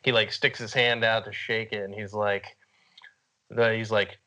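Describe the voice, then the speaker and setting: A man's voice: fairly low pitch, flat delivery, measured pace, sharp tone, poor audio. A man in his thirties, an army veteran, telling his story earnestly in a casual interview, with many "you know" fillers. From United States. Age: 30s. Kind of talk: conversational storytelling.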